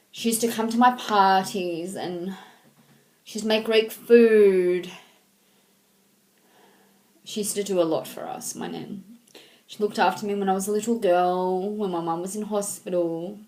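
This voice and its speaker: A woman in her thirties talking to her viewers in a casual, heartfelt way, halting and sentimental, with frequent ums and restarts. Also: medium pitch, fairly even intonation, darkish tone. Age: 30s. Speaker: vlogger. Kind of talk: casual heartfelt talk to camera.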